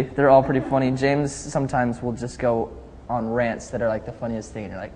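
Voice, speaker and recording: A man's voice: mid-range voice, fairly even intonation, a little fast, mellow. Laid-back young man in a reverberant space. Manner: easygoing, chatty, laughs often, reads out fan questions. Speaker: pop singer answering fan questions. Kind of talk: casual live video chat. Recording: faint noise, long reverb.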